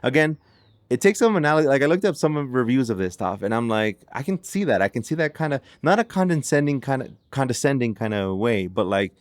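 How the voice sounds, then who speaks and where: Fast and animated, a mid-range male voice with no echo tells the story of a case on his podcast. The narration is casual and chatty, filled with "like"s and restarts.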